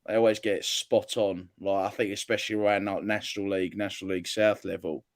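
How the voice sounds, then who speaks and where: A man's voice: on the low side, flat delivery, fast talker, no echo, studio quality. A man from England chatting casually about football, rambling with lots of fillers and casual swearing. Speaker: podcast co-host.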